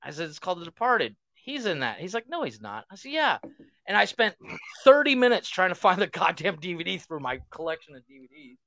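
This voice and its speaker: A man co-hosting a casual podcast, excitable and swearing a lot, acting out the quotes in his stories. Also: sits high, a little fast. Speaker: podcast co-host. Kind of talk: casual chat.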